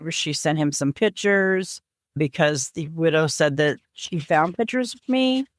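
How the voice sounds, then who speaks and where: A woman guest on a podcast, earnestly retelling a personal family story and voicing the people in it with lively shifts. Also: low voice, unhurried, slight background noise. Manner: earnest, animated retelling with lively voiced quotes.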